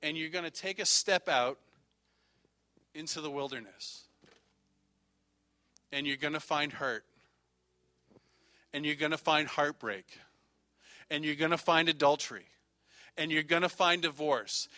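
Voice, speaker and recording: A man's voice: fairly high pitch, measured pace, pauses often, sharp tone, no echo, studio quality. A man preaching a sermon as pastor, speaking in repetitive, rhythmic phrases.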